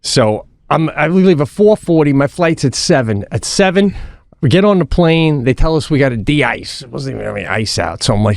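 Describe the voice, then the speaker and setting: A man co-hosting a podcast, telling a casual story in an animated way, swearing and restarting his sentences. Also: medium pitch, normal speed, creaky, no echo, clean studio sound. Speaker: podcast co-host.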